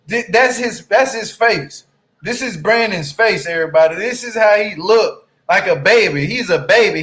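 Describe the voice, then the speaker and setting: High-voiced man ranting a reality recap. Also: bright, forceful tone. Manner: blunt, profane, heated; keeps asking "you hear me?". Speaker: TV reality show recap YouTuber. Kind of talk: casual ranting commentary.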